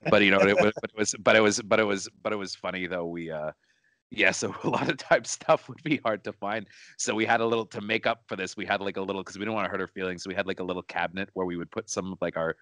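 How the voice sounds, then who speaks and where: A man's voice: deep voice, steady tone, fast, a bit bright, dry recording. A man co-hosting a casual chat, telling a story in a rambling way, repeating words and restarting his sentences. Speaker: co-host. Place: studio.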